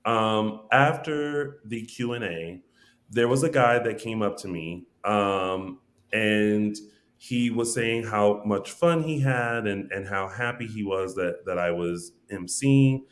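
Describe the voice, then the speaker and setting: A man's voice: lowish voice, takes it slowly. Man, young adult, podcast co-host, casual chat, chatty storyteller, restarts. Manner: animated storyteller, rambling with restarts.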